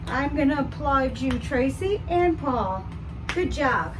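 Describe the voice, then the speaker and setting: Vlogger woman from the Detroit area, high voice, rambling chat, a little far from the mic. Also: expressive, slow pace, noisy background. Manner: chatty and rambling, with frequent fillers. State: out of breath. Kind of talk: casual vlog chat. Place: indoors at home, then outdoors at a theme park.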